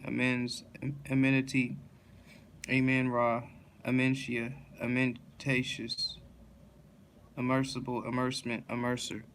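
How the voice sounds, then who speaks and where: A tired man reading dictionary words one after another in a flat monotone, stumbling and restarting now and then. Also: medium pitch, gravelly, a little hiss or hum. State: yawning, tired.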